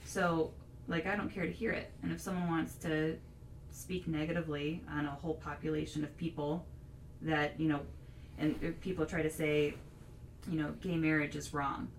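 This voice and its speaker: Speaking at normal speed with a low voice and little pitch movement, a female podcast host chats casually, thinking aloud and filling her opinions with "you know"s. The room echoes, the mic sits far away, and there's a faint hiss.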